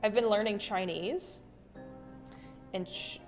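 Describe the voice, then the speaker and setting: A woman's voice: mid-range voice, a little slow, soft background music. A woman hosting an art livestream in a casual, rambling chat, reading out viewer comments as she draws. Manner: chatty and rambling, with frequent restarts and sudden soft hums. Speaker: artist livestream host.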